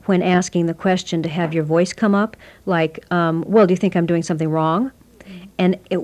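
A woman with a slightly low voice explains her approach to communication in a steady, measured way. She sounds like a workshop teacher, building her points from simple everyday examples. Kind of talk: explanatory interview answers.

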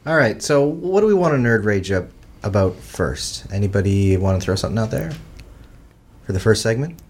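A man's voice: on the low side, sing-song, moderate pace. A man hosting a casual podcast, rambling and jokey as he introduces his guests. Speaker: podcast host.

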